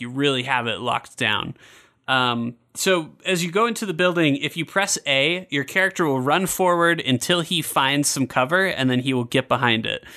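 A man hosting a podcast, chatting casually and loosely with lots of fillers and restarts. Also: mid-range voice. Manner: relaxed, filler-heavy, self-correcting. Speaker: podcast host. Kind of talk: casual game review chat.

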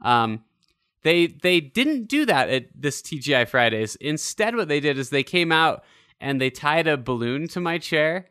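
Bright crisp-voiced man telling a rambling story. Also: on the high side, big pitch swings, measured pace, dry recording, studio quality. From Utah. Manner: rambling self-deprecating storyteller, swears casually. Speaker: podcast host. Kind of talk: casual podcast chat.

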